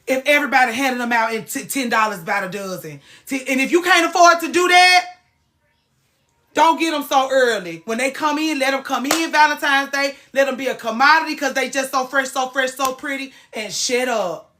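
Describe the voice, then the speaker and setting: A woman's voice: high voice, fairly quick, hardly any pauses, a bit bright. A woman hosting a casual livestream, ranting with plenty of swearing and greeting viewers by name. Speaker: livestream host.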